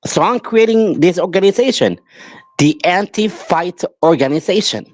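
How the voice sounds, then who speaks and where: A man's voice: high-pitched, animated, normal speed, no echo. A man hosting a podcast, delivering an angry, emphatic monologue that pleads with listeners and repeats itself. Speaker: podcast host. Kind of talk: impassioned monologue.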